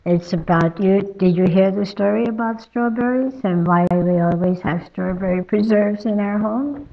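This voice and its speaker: A woman spiritual teacher telling a traditional story in a slow, halting way, with many pauses. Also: mid-range voice, creaky, highs cut off. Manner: slow, halting, with fillers and soft asides.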